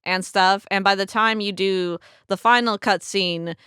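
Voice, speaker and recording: A woman's voice: medium pitch, a little slow, smooth, no echo, studio quality. A young woman co-hosting a podcast, chatting casually and acting out characters' lines as she retells scenes. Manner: animated, acts out characters' lines in her retelling. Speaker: podcast co-host. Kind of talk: casual chat.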